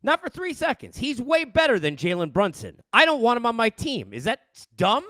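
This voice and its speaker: Middle-aged male sports host, high lively voice, dry close sound, exasperated rant into a headset. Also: fairly quick, dry recording. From New York. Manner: animated, exasperated, rhetorical questions. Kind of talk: casual ranting commentary.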